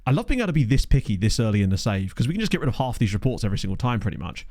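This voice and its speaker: Lively, chatty man playing a game. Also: lowish voice, rapid-fire, no echo, studio quality. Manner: chatty, thinking aloud, jokey asides. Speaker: gaming YouTuber. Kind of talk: casual let's play commentary. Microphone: desk microphone.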